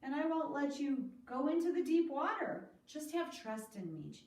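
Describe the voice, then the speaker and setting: Woman voicing a gentle, reassuring teacher. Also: high voice, very animated, normal speed. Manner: gentle, comforting. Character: calm, kind grown man, reassuring teacher. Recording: echoey room, far from mic.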